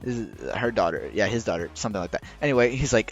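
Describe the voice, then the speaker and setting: A man rambling through a casual explainer while drawing, halting with many restarts and rushing against a timer. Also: on the low side, animated. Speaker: video creator explaining game lore. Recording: dull lo-fi recording with faint music.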